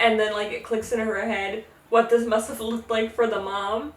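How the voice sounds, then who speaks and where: Woman, casual storytelling host, jokey, highish voice, echoey room. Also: distant mic. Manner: chatty, jokey, acts out characters in quick put-on voices. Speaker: podcast host. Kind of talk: casual tipsy mythology retelling.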